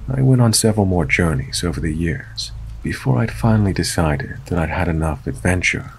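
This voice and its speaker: A man narrating a true scary story in a steady, measured storytelling voice. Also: low voice, creaky, a little hiss or hum. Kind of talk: scripted narration.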